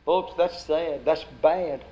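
A man's voice: on the high side, takes it slowly, dark tone. A man preaching a sermon, building to emphatic outbursts. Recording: lo-fi dull recording.

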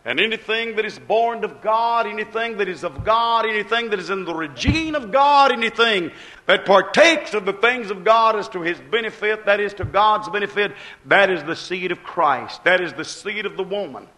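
A man's voice: sits high, animated, moderate pace, pushed and bright. A man preaching a sermon with a rising and falling cadence, repeating phrases as he builds each point.

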